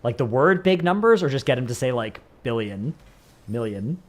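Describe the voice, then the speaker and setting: Animated and medium-pitched, this man talks at a normal speed. He is a livestreamer from the Bay Area with a Northern Californian accent, casually rambling to viewers and saying "like" over and over.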